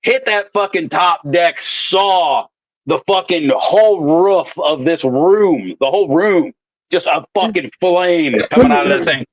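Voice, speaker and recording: Swearing nonstop, the welder co-host swaggers through rowdy tales from work in a casual, profane conversation. The recording has no room sound and its highs are cut off, leaving his slightly high voice.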